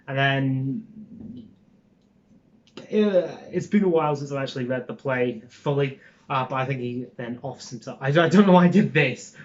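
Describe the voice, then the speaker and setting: A man's voice: mid-range voice, normal speed, dull audio. Rambling young Scottish man vlogging. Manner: rambling and informal, with frequent ums and swearing. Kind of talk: casual chat to camera.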